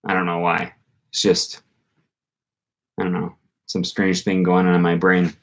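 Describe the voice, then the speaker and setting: Young male host, slightly low voice, loose rambling livestream chat, thinks out loud. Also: completely flat delivery, a little slow. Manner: rambling, thinking aloud with many fillers. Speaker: language-learning channel host. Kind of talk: casual livestream talk answering comments.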